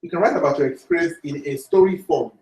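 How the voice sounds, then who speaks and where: A man walks a room through his topic one step at a time, repeating his key points and adding small asides. He stands well away from the microphone, and the room carries a clear echo around his mid-pitched voice. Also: fast, darkish tone. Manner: plainly explains things step by step, with asides and repetition. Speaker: presenter of the session. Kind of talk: explanatory presentation. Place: church meeting room. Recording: echoey room, voice far from mic.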